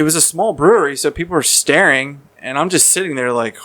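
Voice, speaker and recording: A man's voice: on the high side, a little fast, few pauses, pushed and bright. A man telling a personal story in casual podcast talk, rambling and repeating words, with casual swearing. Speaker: podcast guest.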